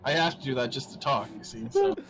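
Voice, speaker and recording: A man's voice: medium pitch, wildly swooping pitch, fast talker, music in the background. A man in a casual racing chat, teasing the others with jokes. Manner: teasing, jokey. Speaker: league racer.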